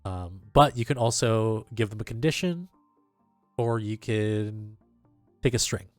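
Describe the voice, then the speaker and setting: Casting: male game master, slow and measured, dry close sound. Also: on the low side, no room sound, soft background music. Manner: unhurried, explains rules with fillers. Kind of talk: narrating a tabletop game.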